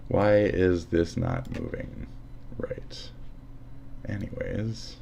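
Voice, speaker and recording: A man's voice: low voice, fairly even intonation, drawn-out words, gravelly, in a whisper. A man live streaming as he shows off an editing program, rambling and swearing in a sarcastic, mocking way, often trailing off into mutters. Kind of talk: casual profane streaming chat.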